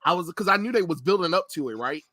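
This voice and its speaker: A man hosting a casual pop culture chat, ranting with animated energy and plenty of swearing. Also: high voice, fast talker, no room sound, studio quality. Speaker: podcast host.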